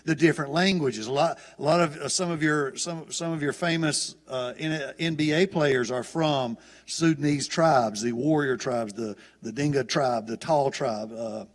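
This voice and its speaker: A man with a Southern US accent, speaking at a moderate pace in a slightly high voice, preaches as a guest in a church auditorium. The sermon is folksy and chatty with many restarts, and long reverb fills the hall.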